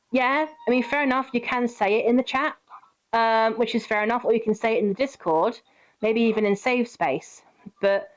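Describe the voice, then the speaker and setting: Chatty woman streamer, lo-fi audio. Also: medium pitch. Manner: chatty, gently reassuring, giving advice to viewers. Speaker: live streamer. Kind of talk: casual live-stream chat.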